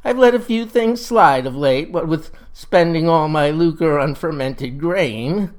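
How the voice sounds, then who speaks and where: A man's voice: a little high, expressive, unhurried. A man voicing a rambling, drunken older man who is oddly pedantic about wood. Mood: woozy.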